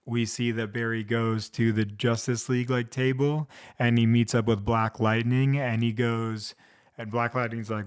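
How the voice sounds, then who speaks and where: A man's voice: mid-range voice, flat delivery, moderate pace, clear, resonant tone. A man hosting a one-take vlog, recapping a TV episode in a loose, rambling way, full of "like" and restarts. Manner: rambling, heavy use of "like", restarts. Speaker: vlog host.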